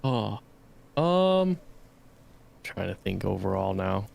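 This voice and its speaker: A man co-hosting a podcast in casual review chat, measured and hesitant with many fillers. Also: low-pitched, sing-song, gravelly, a little mellow.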